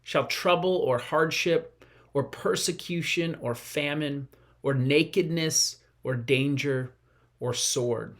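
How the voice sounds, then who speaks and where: A pastor delivers a brief devotional in an earnest, conversational tone. The voice sits at a middle pitch. Quoted lines get a lifted, acted-out delivery. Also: slow pace. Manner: parent sharing a family example. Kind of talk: short devotional message.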